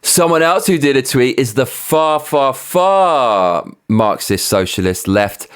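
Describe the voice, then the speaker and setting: A man hosting his own show, ranting heatedly with plenty of swearing and sarcastic mockery. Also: mid-range voice. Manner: sarcastic, mocking. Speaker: host. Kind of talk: opinion rant.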